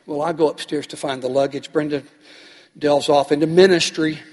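A man's voice: on the high side, steady tone, moderate pace, darkish tone. A man preaching as pastor, telling a story animatedly and acting out the people in it. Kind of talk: sermon storytelling. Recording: long hall reverb.

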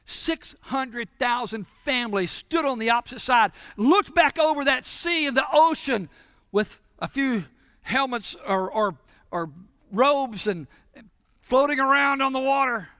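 Male preacher, very high voice, dramatic storytelling sermon, sudden shouts, dry close sound. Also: smooth, dry recording.

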